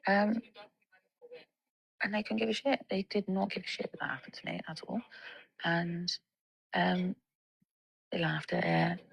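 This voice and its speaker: A woman's voice: lowish voice, steady tone, a little slow, gravelly, long pauses, husky, dry recording, low-quality recording. A young woman in a casual monologue, ranting with lots of swearing and filler words. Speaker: vlogger.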